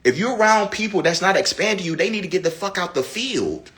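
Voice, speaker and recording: A man speaks, his voice husky yet bright. He teaches in a casual, preachy way, swinging from raised high pitches down to low, hushed stretches. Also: expressive, fairly quick. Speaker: spiritual teacher. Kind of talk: casual spiritual talk.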